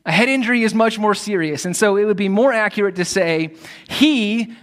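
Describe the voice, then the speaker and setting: High-voiced male pastor preaching. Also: fast talker, fairly bright tone. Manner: conversational preaching with direct asides to listeners. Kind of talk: sermon.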